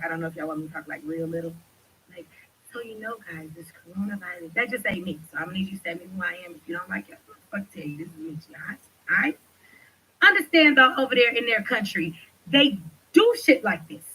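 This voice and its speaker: A woman hosting a livestream, talking loudly and passionately with lots of swearing as she rants and reads chat. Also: fairly high pitch, husky, poor audio. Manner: loud, passionate, profane ranting. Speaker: livestream host. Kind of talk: livestream commentary.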